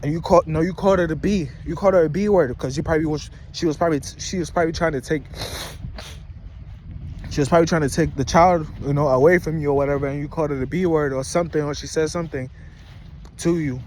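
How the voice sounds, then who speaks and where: A man's voice: fairly high pitch, fairly even intonation, fast talker, darkish tone, a little hiss or hum. A man in his twenties ranting casually in a rambling, slangy, incredulous way outdoors at a rest stop. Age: 20s. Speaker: vlogger. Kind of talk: casual commentary rant.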